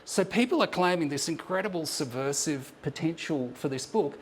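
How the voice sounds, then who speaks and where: A man with a higher, expressive voice presents an academic paper at a moderate pace in a lecture room with slides on a screen. He explains his ideas thoughtfully at this conference talk, with frequent ums and restarts, and slight background noise is audible.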